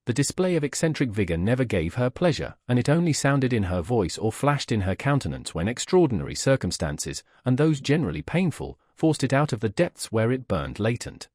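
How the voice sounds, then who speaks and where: A man narrating a classic novel as an audiobook in a measured, literary manner. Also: medium pitch, big pitch swings, darkish tone, no echo, studio quality.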